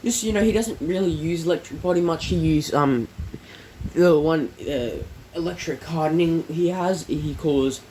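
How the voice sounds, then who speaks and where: A man's voice: a little high, moderate pace, darkish tone, slight background noise, poor audio. A man casually narrating a fan-made story, rambling with many fillers and self-corrections.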